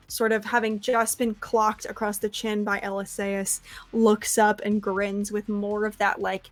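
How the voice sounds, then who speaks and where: A woman's voice: medium pitch, a bit bright. A woman game master narrating a tabletop game with vivid description and frequent fillers.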